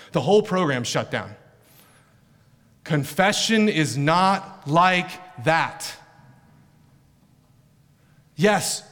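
A man's voice: fairly high pitch, fairly bright tone. Earnest preacher man in a reverberant hall. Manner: earnest, emphatic preaching with rhetorical questions. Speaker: pastor. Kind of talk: sermon.

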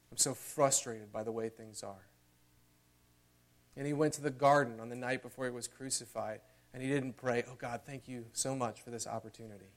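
A male pastor delivering a sermon in a church. His voice sits in an ordinary middle range and stays earnest throughout. At the key moments he rises in volume and pitch. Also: fairly even intonation, normal speed. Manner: earnest preaching, swelling louder and higher at climaxes.

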